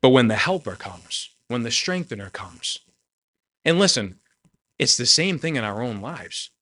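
A man preaching a heartfelt sermon at a middle pitch. He talks with earnest emotion, lifting his voice to retell a story and dropping it low to press a point home. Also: sharp tone. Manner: earnest, emotional, tearful at moments.

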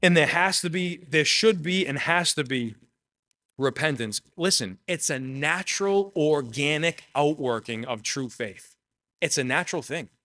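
A man's voice: fairly high pitch, lively intonation, measured pace, bright, forceful tone, dry recording. A man preaching a sermon, earnest and personal, repeating phrases for emphasis. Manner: shares personal testimony.

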